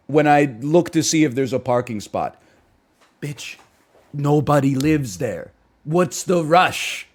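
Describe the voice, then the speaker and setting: A man's voice: mid-range voice, darkish tone. A man in his thirties from Canada, a streamer ranting in casual chat with sarcastic, mock-outraged asides.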